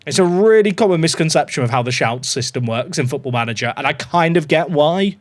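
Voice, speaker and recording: A man with a high, lively voice that leaps up and down as he streams a football management game. He chats to his viewers in an excitable, running commentary, quick to cheer and quick to grumble. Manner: excitable, chatty, talks to his dog and chat. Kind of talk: live gameplay commentary.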